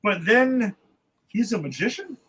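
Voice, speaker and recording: A man's voice: high-pitched, big pitch swings, a little slow, a bit bright, husky, poor audio. A man co-hosting a casual movie review podcast, sounding exasperated, swearing and rambling with restarts. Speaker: podcast co-host.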